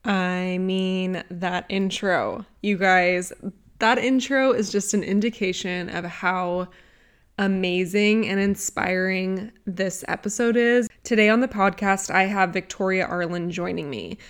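A woman with a mid-range voice hosts a podcast, introducing her guest with effusive enthusiasm. She speaks directly to her listeners in a warm, chatty way. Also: medium pitch, fairly even intonation, unhurried, smooth. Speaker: podcast host.

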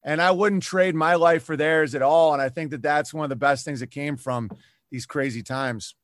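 A man's voice: fairly high pitch, moderate pace, no room sound, clean studio sound. A man, a comedian, talking in a casual podcast chat, ranting animatedly and mocking the people he quotes. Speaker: comedian guest.

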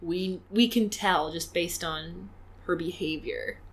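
A woman's voice: on the low side, slow, slightly rough. A woman co-hosting a casual podcast, reading listener comments aloud with playful asides. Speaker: podcast co-host.

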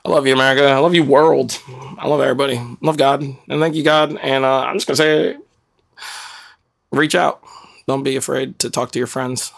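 A man hosting a podcast in casual chat, rambling and heartfelt, swearing freely as he gives shout-outs. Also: mid-range voice, fairly even intonation, a little fast, vocal fry. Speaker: podcast host.

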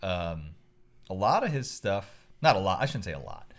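Guy rambling excitedly about movies on a podcast, lowish voice, lots of likes and ums. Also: normal speed. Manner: enthusiastic, rambling, lots of fillers. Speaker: podcast co-host. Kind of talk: casual chat.

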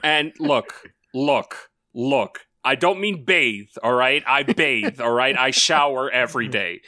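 A man riffs crudely on a casual podcast with his friends. His voice is bright and forceful, and it sits close and dry on the mic. He tells the story in a rambling, profane way. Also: medium pitch, slow, no room sound. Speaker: podcast co-host.

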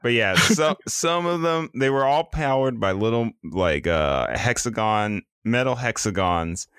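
A man's voice: medium pitch, expressive, measured pace, fairly bright tone, clear, resonant tone, dry recording. A young adult man co-hosting a podcast, joking dryly and rambling through casual chat. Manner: dry joking, rambling explanations. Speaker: podcast co-host.

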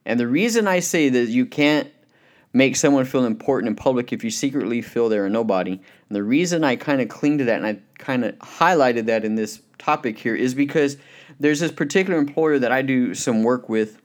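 A man delivers a motivational Christian talk at a mid-range pitch. He sounds earnest and conversational. He leans on "you know" fillers and brings his stories to life with quick acted voices. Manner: tells anecdotes with lively acted quotes. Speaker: speaker.

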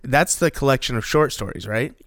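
A man's voice: medium pitch, fairly quick, a bit bright. A man co-hosting a podcast in casual chat, rambling and jokey with lots of fillers. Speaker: podcast co-host.

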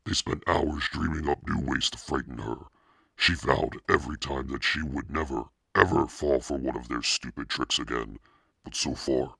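Very deep, gravelly male storyteller. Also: fairly bright tone, dry recording, clean studio sound. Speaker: audiobook reader. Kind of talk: storybook narration.

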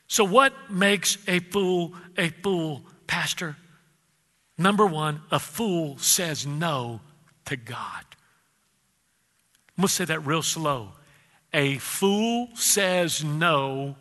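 High bright-voiced preacher man. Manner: preacherly, calls out to the congregation, drawn-out emphasis. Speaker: pastor. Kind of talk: sermon. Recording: reverberant hall.

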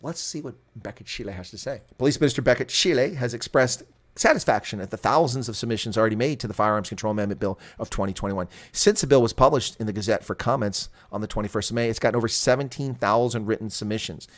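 A man's voice: on the low side, quick pace. A man hosting a daily news rundown, delivering opinionated, sarcastic commentary with open scorn.

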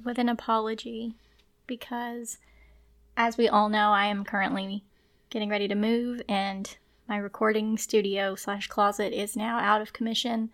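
A woman co-hosting a book podcast in casual, quick, giggly chat, recorded at home close to the mic. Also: mid-range voice, flat delivery, fairly bright tone. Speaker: podcast co-host. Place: small room at home. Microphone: speaking close into the microphone.

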